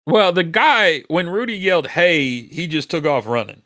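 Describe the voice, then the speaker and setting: A man on a casual podcast telling a workplace story in a lively, animated way, acting out the people he quotes. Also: on the high side, moderate pace, dry recording, clean studio sound. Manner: animated storyteller who acts out quoted voices.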